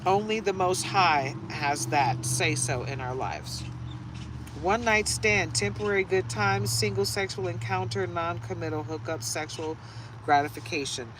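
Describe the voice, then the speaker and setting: A woman's voice: fairly low pitch, a little slow. A chatty woman running a casual tarot reading who drifts into rambling stories. She laughs easily, and faint traffic noise hums in the background. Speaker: tarot reader. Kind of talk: casual live reading chat.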